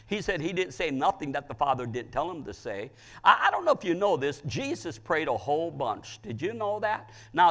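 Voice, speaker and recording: An older American man preaching a sermon, swinging between loud cries and quiet, low passages. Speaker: pastor.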